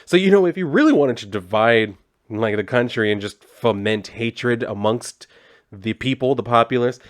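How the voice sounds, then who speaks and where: A man's voice: medium pitch, moderate pace. Sarcastic man recapping a comic. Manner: sarcastic, reads out dialogue in a flat paraphrasing voice. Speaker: comic book reviewer. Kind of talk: casual comic recap with commentary.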